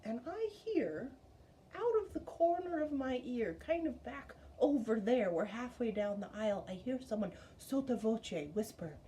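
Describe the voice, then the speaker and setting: Woman storyteller, high voice, animated, lively swings in pitch and loudness. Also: a little hiss or hum, rough recording. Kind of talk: personal story told at a story slam.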